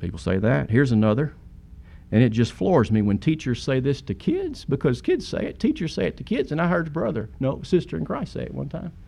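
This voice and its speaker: A man's voice: mid-range voice, big pitch swings, fairly quick, vocal fry, warm tone. A man preaching a sermon in an earnest way, with sudden emphatic peaks.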